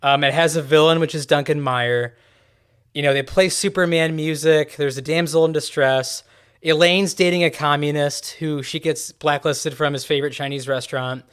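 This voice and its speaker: A young man chatting on a podcast, rambling and hesitating as he goes. His voice sits a bit high and comes through clear and smooth. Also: steady tone, moderate pace, a bit bright. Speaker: podcast co-host. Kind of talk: casual chat.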